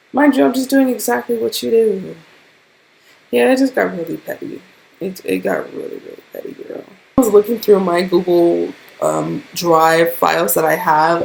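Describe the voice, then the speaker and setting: A woman's voice: lowish voice, vocal fry, a little hiss or hum. A young woman vlogger animatedly telling a profane storytime tale to her camera. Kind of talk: storytime vlog.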